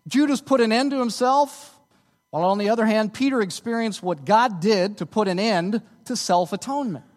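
A man preaching a sermon as pastor, animated and rising to emphatic peaks. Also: sits high, moderate pace, big-room sound.

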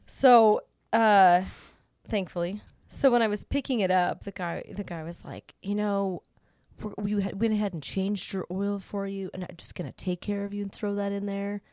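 A woman's voice: mid-range voice, fairly even intonation, moderate pace, a little mellow, no room sound, clean studio sound. A middle-aged woman telling a story in casual chat, acting out the people she quotes and laughing along. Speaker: podcast co-host.

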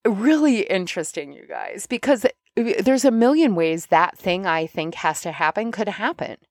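A middle-aged woman coach talking casually about spiritual self-help, chatty and animated when she acts out her inner dialogue. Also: mid-range voice, moderate pace, no echo. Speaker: podcast host and coach.

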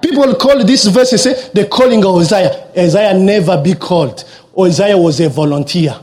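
A man from Africa preaching a sermon as a lively storyteller who repeats words for emphasis. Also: normal speed. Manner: animated storytelling with repeated words and sudden leaps in pitch.

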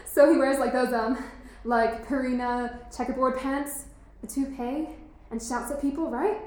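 A woman's voice: high voice, steady tone, a little slow, darkish tone. A woman playing a cynical, intense teenage schoolgirl who mocks and provokes, in a stage play. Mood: mocking. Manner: provocative, mocking. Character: cynical, intense teen girl student. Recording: very echoey hall.

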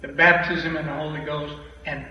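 A man giving an animated, emphatic testimony to a church congregation, repeating phrases for effect, heard from a distance in a large hall. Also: fairly high pitch, moderate pace. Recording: echoey hall from far off, dull and noisy.

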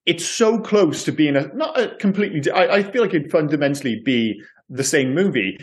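A man's voice: a little high, animated, brisk. A man co-hosting a casual film podcast, rambling and correcting himself as he talks. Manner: rambling, self-correcting, stumbles over words. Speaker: podcast co-host.

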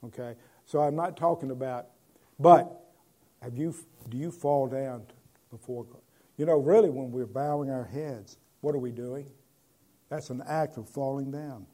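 A man, a pastor, preaching a conversational sermon and moving between loud proclamation and quiet asides. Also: mid-range voice.

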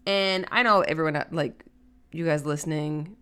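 A woman's voice: low-pitched, moderate pace, sharp tone, clean tone. A woman hosting a solo podcast in a chatty, earnest way, with many fillers. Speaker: podcast host. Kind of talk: casual solo podcast talk.

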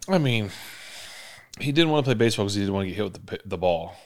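A man's voice: on the low side, animated, a little mellow. A man in his forties, a former quarterback hosting a podcast, telling stories in casual chat and acting out the lines of the people in them. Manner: rapid storytelling, acts out quotes.

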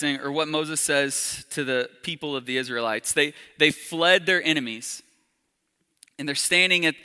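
A man preaching a sermon in a casual, conversational way, with soft, intimate appeals to the congregation. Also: fairly high pitch, in a large hall. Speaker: pastor.

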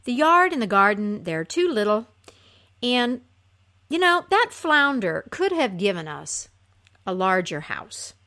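A woman's voice: a little high, very animated, unhurried, pushed and bright, heavily acted. A woman doing a bossy, greedy fisherman's wife. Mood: demanding. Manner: demanding, impatient.

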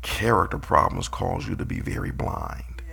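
A man's voice: deep voice, huge pitch swings, normal speed, creaky, pushed and bright, breathy edge. A man preaching a sermon, playfully calling out his congregation and acting out quotes.

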